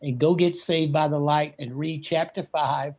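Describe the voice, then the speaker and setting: A man giving a slow, earnest and blunt spiritual talk. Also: fairly high pitch, steady tone, a little mellow, muffled recording. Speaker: guest speaker.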